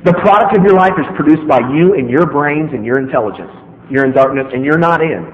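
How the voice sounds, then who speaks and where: A man's voice: on the high side, expressive, brisk, a little hiss or hum. A man preaching a sermon, emphatic and joking, speaking straight to his listeners. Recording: echoey hall, dull lo-fi sound.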